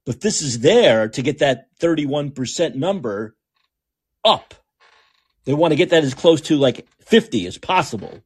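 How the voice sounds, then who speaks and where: A man's voice: fairly high pitch, sing-song, measured pace, husky, no room sound. Sarcastic man hosting a political podcast. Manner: sarcastic, mocking, repetitive. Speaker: podcast host. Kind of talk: opinionated political commentary.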